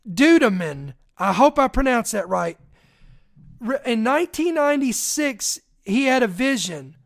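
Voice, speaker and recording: A preacher in an emphatic, preaching-style talk who reads accounts aloud and breaks off with direct asides to listeners. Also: medium pitch.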